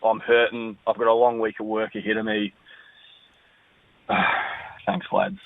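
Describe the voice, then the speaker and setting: Man, New Zealand accent, tinny phone line, lowish voice, glum and candid. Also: monotone, unhurried, dry recording. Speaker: caller. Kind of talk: phoned-in voice message.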